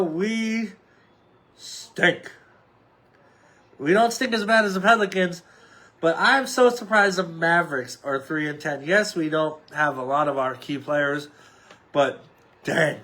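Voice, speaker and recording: Solo podcast host, thirties, male, higher register, offhand and rambling with lots of fillers. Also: a bit bright. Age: 30s. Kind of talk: casual solo sports chat.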